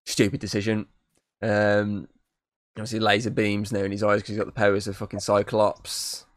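A man's voice: fairly low pitch, completely flat delivery, moderate pace, no room sound, studio quality. A man co-hosting a film podcast, recapping scenes casually with lots of swearing and fillers. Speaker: podcast co-host. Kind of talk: casual film review chat. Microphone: podcast mic.

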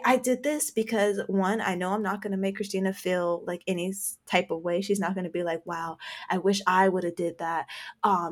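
A woman co-hosting a podcast in casual chat, earnest and advice-giving, with frequent filler words. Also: mid-range voice. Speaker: podcast co-host.

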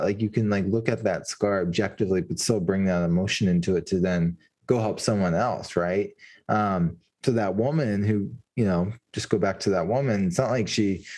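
A man's voice: sits low, darkish tone, husky. A man hosting an interview, reflective and affirming, talking in long rambling turns. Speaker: podcast host. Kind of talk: podcast interview.

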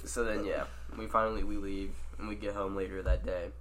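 A man telling a story in casual chat with friends, animated, swearing and acting out quotes. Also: deep voice, brisk.

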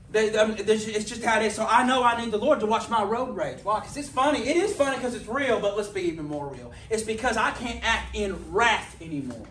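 A man preaching a sermon in a casual, joking way that builds to forceful emphasis, with big swings between loud and very quiet. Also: high voice, slight background noise. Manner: conversational and humorous, rising to forceful emphasis. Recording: echoey room, voice from a distance.

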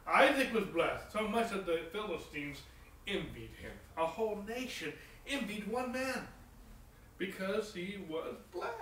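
A man preaching a sermon, swinging from emphatic peaks to low, soft lines and often asking "okay?" of his listeners. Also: reverberant, far from the mic, low-quality recording. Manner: repeats phrases, asks the congregation "okay?".

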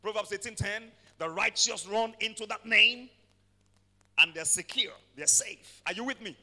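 A man preaching a sermon, swinging from quiet passages to shouted declarations and calling for amens. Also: high-pitched, normal speed, big-room sound. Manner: calls for amens from the congregation. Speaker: pastor.

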